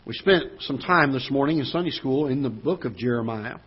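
A male pastor delivers a sermon with a husky, slightly rough voice, and his pitch sits in the middle range. He builds intensity and slows down to stress scripture passages. The recording sounds dull and lo-fi, like a church broadcast feed. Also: lively intonation. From United States. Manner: preaching with swelling emphasis, slowing on scripture; joking aside to the congregation. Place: church auditorium.

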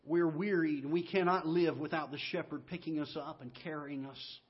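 A middle-aged male pastor preaching a sermon in a church, telling folksy stories that swing from loud to hushed. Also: fairly high pitch, fairly even intonation, normal speed, husky, highs cut off. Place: church sanctuary.

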